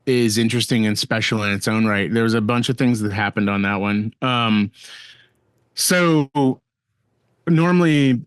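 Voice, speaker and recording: Profane, animated man telling a story. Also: fairly low pitch, normal speed, smooth, no room sound. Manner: profane, animated, rambling with restarts. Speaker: guest storyboard artist. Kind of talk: casual storytelling interview.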